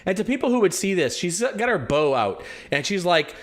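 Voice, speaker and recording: A man's voice: sits high, very animated, fairly quick. A man running a tabletop game as game master, rambling and often correcting himself. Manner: rambling, self-correcting, amused.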